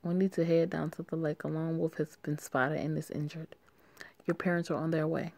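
A woman's voice: sits low, steady tone, fairly quick, gravelly, a little mellow, no room sound. A woman reading the lines of a young male werewolf from a pack, in a plain, urgent way.

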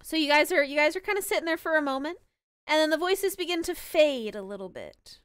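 A woman's voice: sits high, animated, brisk, a bit bright, no echo, studio quality. A woman narrating as game master of an online tabletop game, rambling with frequent restarts.

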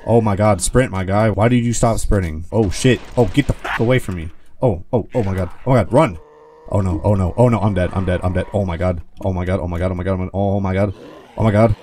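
A young man giving casual gameplay commentary as a gaming video host, excitable and swearing, yelling when he panics. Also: sits low, fast, a little hiss or hum. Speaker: gaming YouTuber.

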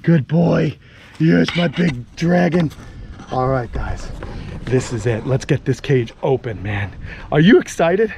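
A man vlogging outdoors, coaxing a big lizard along in a sing-song voice and talking excitedly to his viewers. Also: mid-range voice, takes it slowly, gravelly, slight background noise. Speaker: reptile keeper vlogger. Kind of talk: excited outdoor vlog narration. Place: outdoors on a property.

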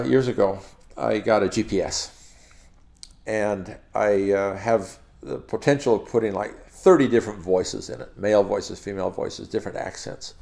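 A male university professor giving a recorded lecture, explaining in a relaxed teaching manner with frequent pauses and small chuckles. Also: on the low side, gravelly.

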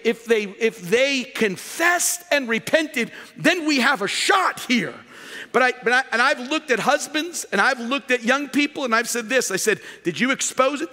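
A male pastor preaching an emphatic sermon in a large church, rising to shouts at his peaks. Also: very high-pitched, in a large hall.

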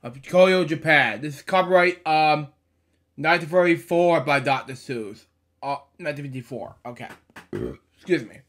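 A man's voice: fairly high pitch, normal speed, a bit bright. A man reading a picture book aloud, stumbling over words, correcting himself and chatting between pages. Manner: stumbling reader, frequent fillers and self-corrections. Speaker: storybook reader.

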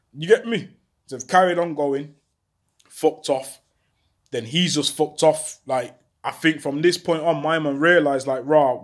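A young man telling a street story in an animated, slang-heavy way, acting out other people's lines. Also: on the high side. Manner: animated, slangy, acts out voices loudly. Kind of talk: casual storytelling to camera.

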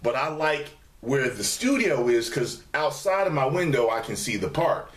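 Filming a casual vlog in the dining room of his studio apartment, a man speaks at normal speed with medium pitch. He curses, stays animated, and imitates commenters by raising his voice, all in a reverberant space.

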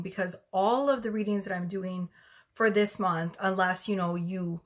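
A woman giving a casual tarot reading, chatty and rambling, a little out of breath. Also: medium pitch. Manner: chatty, rambling, self-correcting. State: slightly out of breath. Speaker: tarot reader.

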